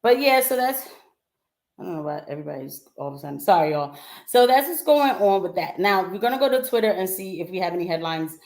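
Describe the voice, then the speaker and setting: Young woman livestream host, slightly low voice, chatty and animated, laughs often and talks to her viewers in asides. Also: fast talker. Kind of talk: casual political commentary livestream.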